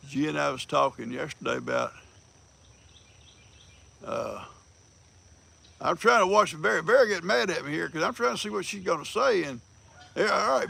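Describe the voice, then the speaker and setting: A man's voice: on the high side, gravelly, pushed and bright, husky. An older man, hosting a casual livestream, folksy and teasing, laughing often as he greets viewers. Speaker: livestream host.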